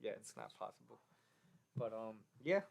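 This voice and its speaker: A man's voice: on the low side, animated, moderate pace, creaky. A young man co-hosting a casual design podcast, talking in loose stories full of fillers and restarts. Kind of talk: casual chat.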